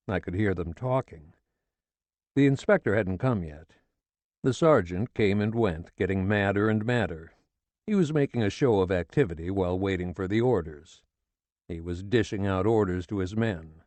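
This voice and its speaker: Low-voiced man reading a sardonic novel. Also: normal speed, darkish tone, dry recording. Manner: sardonic, coarse first-person telling. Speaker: audiobook narrator. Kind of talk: scripted literary narration.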